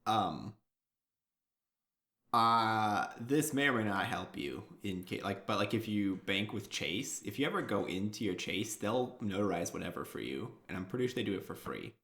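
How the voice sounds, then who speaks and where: A man's voice: lowish voice, animated, normal speed, sharp tone, echoey room. A man on a podcast chatting casually, amused and laid-back, giving practical advice. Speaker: podcast co-host. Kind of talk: casual chat.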